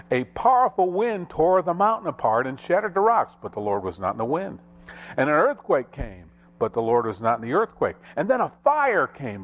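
A man preaching a sermon as pastor, with dramatic rises and drops in pitch and pace.

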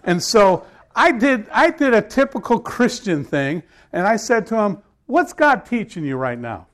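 Storytelling male pastor, fairly high voice. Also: very animated, a little slow. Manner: conversational storytelling, rising to emphatic scripture reading. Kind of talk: sermon.

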